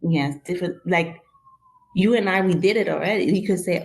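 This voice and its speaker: Expressive woman, Haitian-influenced accent. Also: on the low side, normal speed. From New York. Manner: expressive, acts out quoted exchanges. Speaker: guest. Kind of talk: casual conversation.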